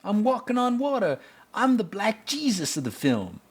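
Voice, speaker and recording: Man doing a mocking movie character, high squeaky voice, over the top, exaggerated. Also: fairly even intonation, a little slow, a little mellow.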